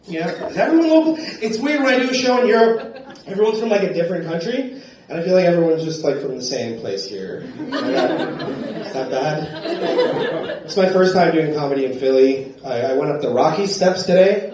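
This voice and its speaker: An American stand-up comedian performs live on a comedy club stage, his fairly high, expressive voice recorded from a distance at a moderate pace. He tells stories dotted with frequent "right?" tags and shouts his punchlines loudly, while audience laughter echoes through the club.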